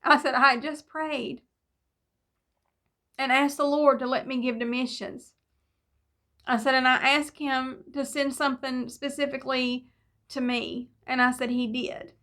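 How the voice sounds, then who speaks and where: A middle-aged woman tells a personal faith story. Her voice is bright and clear, set a little high. She rambles warmly through fillers and restarts. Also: little pitch movement, unhurried, long pauses. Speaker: devotional speaker. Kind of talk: personal testimony devotional.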